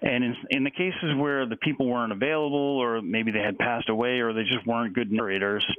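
A man being interviewed as an author, talking haltingly with many fillers and restarts. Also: medium pitch, steady tone, no echo. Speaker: author and guest. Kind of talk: phone-in interview. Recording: tinny phone line.

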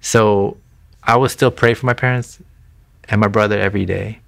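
Low gravelly guy telling his faith story, earnest, lots of "you know" and "right?". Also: steady tone, moderate pace, a bit bright. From Thai family background. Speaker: interview guest sharing his faith testimony. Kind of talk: casual conversational testimony.

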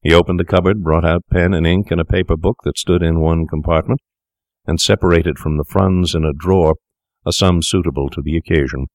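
A man narrating a story aloud in a measured, deliberate storytelling manner. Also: low-pitched, fairly even intonation, darkish tone, no room sound, clean studio sound. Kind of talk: scripted narration.

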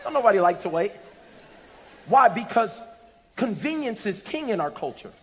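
A man preaching a sermon, telling a funny story and building to loud, emphatic shouts. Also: high voice, big pitch swings, moderate pace, a little hiss or hum. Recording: reverberant hall.

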